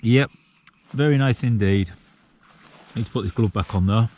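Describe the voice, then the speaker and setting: A man in his forties from the UK chats casually to camera while camping alone on a cold mountain at night, in a relaxed, reflective way with the odd chuckle. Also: fairly low pitch, normal speed. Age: 40s. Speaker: solo wild camping vlogger.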